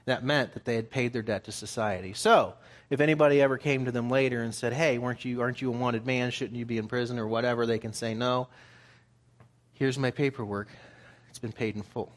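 A man preaches a sermon, reading scripture passages aloud and then explaining them in plain, conversational terms. He speaks at a middle pitch with fairly even intonation and a quick pace.

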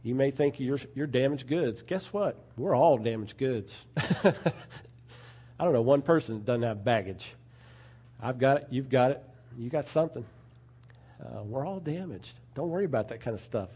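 A man's voice: mid-range voice, lively intonation, normal speed, dark tone, husky. A man preaching a sermon in an earnest, conversational way, often adding asides to his listeners.

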